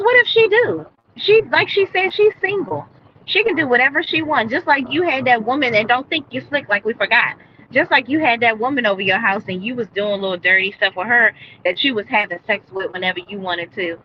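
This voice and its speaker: A woman's voice: on the high side, lo-fi sound, a little hiss or hum. A woman recapping a TV episode live for viewers, blunt and opinionated, speaking into a headset mic. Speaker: TV show reviewer. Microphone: earbud headset.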